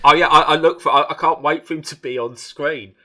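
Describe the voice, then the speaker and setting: A man's voice: a little high, steady tone, a little fast, pushed and bright. A man, co-hosting a podcast in casual, enthusiastic chat with many restarts. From England. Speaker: podcast co-host.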